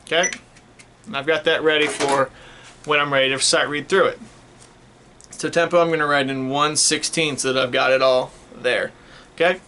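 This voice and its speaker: A man's voice: fairly high pitch, bright, forceful tone, a little hiss or hum. A man teaching a snare drum sightreading lesson in a casual, patient way, often checking in with the student. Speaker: music teacher. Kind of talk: casual classroom instruction.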